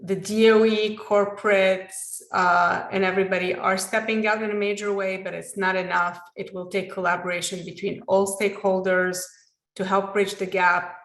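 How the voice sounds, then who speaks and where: A woman with a gravelly, creaky voice gives an upbeat, brisk recap of a panel. Her voice echoes as though she is in a bare room. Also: medium pitch, level tone, fairly bright tone. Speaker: panel moderator. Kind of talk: summarizing a panel.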